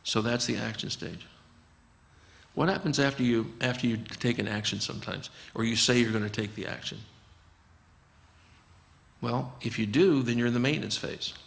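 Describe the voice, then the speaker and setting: A man's voice: medium pitch, moderate pace, creaky, pauses often, big-room sound. A man, a physician guest, talking earnestly and explaining his approach, often acting out conversations with patients. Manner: earnest, acts out dialogues with patients.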